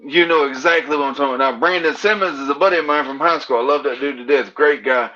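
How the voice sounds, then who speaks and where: A man sits in as a fighter guest in a casual interview, laid-back and quick with a joke. He leans on folksy country sayings. His voice is a bit higher than most men's and comes through dull and lo-fi. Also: pushed and bright. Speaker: bare-knuckle fighter guest.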